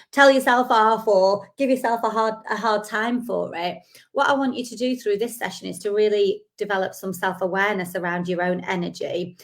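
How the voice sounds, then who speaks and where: A woman, a life and business coach giving a chatty, encouraging live-streamed talk with frequent fillers into a phone or webcam. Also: medium pitch.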